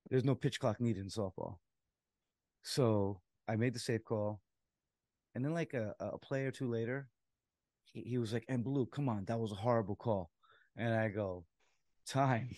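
A man, a softball umpire and co-host, telling a story in casual chat, laughing as he acts out what people said. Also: fairly low pitch, dry recording, studio quality. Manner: animated storyteller, laughs while acting out quotes.

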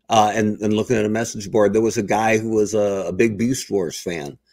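A man's voice: on the low side, dry recording. Middle-aged man, dry close mic. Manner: rambling, self-correcting. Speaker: podcast co-host. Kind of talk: casual chat.

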